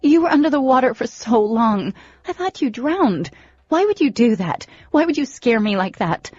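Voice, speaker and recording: A woman's voice: on the low side, normal speed, no room sound, highs cut off, natural voice. A woman reading the lines of a frantic, indignant teenage girl in an audiobook, raising her voice. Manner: shouting, indignant.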